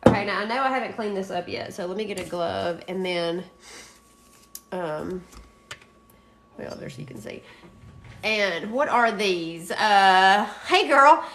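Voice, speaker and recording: A woman's voice: medium pitch, measured pace, pauses often, fairly bright tone, slight background noise. A woman hosting a crafting live stream, chatting in a rambling, chatty way and laughing often. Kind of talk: casual live stream chat.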